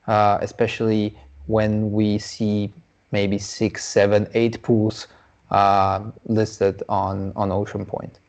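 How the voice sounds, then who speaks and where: A man's voice: fairly low pitch, fairly even intonation, takes it slowly, darkish tone. A man co-hosting a casual livestream Q&A, speaking hesitantly with many fillers. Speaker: co-host.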